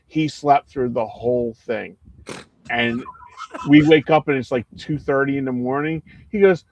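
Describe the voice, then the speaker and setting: A man's voice: medium pitch, moderate pace, a little hiss or hum. A man co-hosting a casual movie podcast, telling stories animatedly and acting out quotes. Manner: animated storyteller, acts out quotes. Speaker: co-host.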